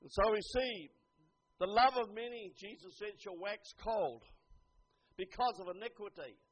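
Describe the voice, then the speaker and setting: An older man preaching a sermon, earnest, dropping to a hush and then rising to emphatic lines. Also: high-pitched, a little slow, breathy edge. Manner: earnest, swings from hushed to emphatic. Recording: dull lo-fi recording.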